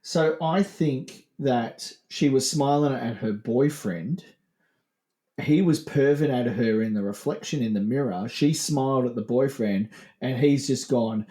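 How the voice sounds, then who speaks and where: A man's voice: medium pitch, a little slow, warm tone. A man co-hosting a loose podcast chat. He rambles and jokes, laughing often as he goes. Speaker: podcast co-host. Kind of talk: casual chat.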